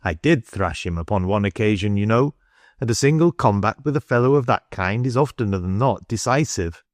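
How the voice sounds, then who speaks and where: Determined young engineer, low and firm, read by a man, dry studio. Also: animated, brisk, no echo, close to an everyday voice. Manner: firm and resolute.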